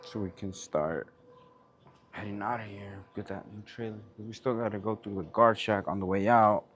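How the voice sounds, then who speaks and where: A man's voice: fairly low pitch, fairly even intonation, normal speed. A man who drives trucks, chatting casually for his vlog in a laid-back, slangy, rambling way while out at a truck yard.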